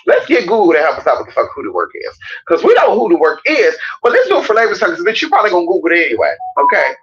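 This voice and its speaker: Animated, profane woman vlogging. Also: on the low side, very fast, highs cut off. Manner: animated, profane, acts out quoted voices. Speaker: self-described certified herbalist and hoodoo practitioner. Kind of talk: casual vlog monologue.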